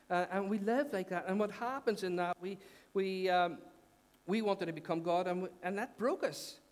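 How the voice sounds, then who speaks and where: A middle-aged male pastor with a Northern Irish accent delivers a sermon in a fairly high voice. He talks to the congregation in an earnest, conversational way, lifting his voice on the big points and dropping it low for the asides. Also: a little fast. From Northern Ireland. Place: church hall.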